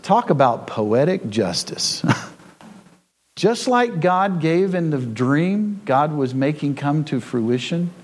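High-voiced guy preaching in church, folksy, tells it like a story. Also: very animated, takes it slowly. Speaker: pastor. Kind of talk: sermon.

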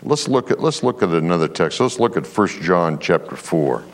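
Deep-voiced preacher in a reverberant church. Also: male voice, normal speed. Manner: preaching with call-and-response amens, animated storytelling. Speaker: pastor. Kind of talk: sermon.

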